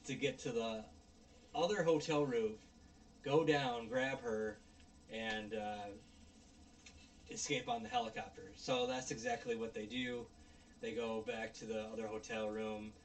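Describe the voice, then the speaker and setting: Rambling gravelly man recapping a movie. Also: mid-range voice, big pitch swings, unhurried, slight background noise. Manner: rambling, frequent fillers, mock-shouting at characters. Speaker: movie reviewer.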